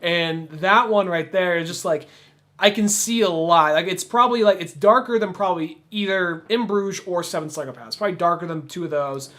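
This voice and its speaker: High-voiced rambling podcast host. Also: male voice, normal speed, bright, forceful tone. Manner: rambling, many fillers, acts out quoted lines. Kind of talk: casual film discussion.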